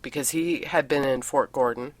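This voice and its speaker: A woman's voice: a bass voice, normal speed, no room sound. A woman co-hosting a casual podcast, telling family stories in a chatty way and laughing often. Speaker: podcast co-host.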